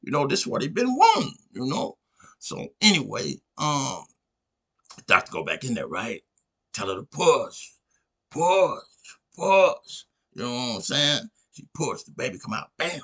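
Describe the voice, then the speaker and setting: Brief: chatty male podcast host, gravelly, animated pitch, rambling anecdote. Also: normal speed. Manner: rambling, constantly asks "you know what I'm saying". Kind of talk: casual storytelling.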